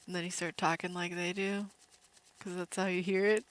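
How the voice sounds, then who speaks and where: Calm, easygoing woman streamer. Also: fairly low pitch, moderate pace. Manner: calm, relaxed commentary; laughs easily. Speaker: game streamer. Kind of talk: casual live-stream chat over gameplay.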